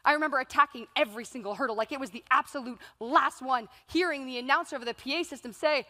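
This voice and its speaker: Speaking fast with barely a pause, a woman in her thirties delivers a motivational stage keynote in a high, sharp-toned voice. Her stories come alive as she acts out inner voices and quotes, and the big event hall adds a long reverb.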